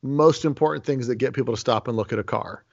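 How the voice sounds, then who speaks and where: A man's voice: medium pitch, fast talker, vocal fry. Chatty man with muffled sound. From Las Vegas. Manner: animated storyteller, many restarts. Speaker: host. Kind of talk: casual podcast conversation. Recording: lo-fi muffled audio.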